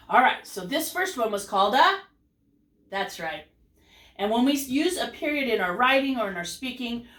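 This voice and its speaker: A woman teaching a kindergarten class, with an animated, exaggerated sing-song delivery. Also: a little high. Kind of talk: lesson for young children. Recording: roomy echo, voice from a distance.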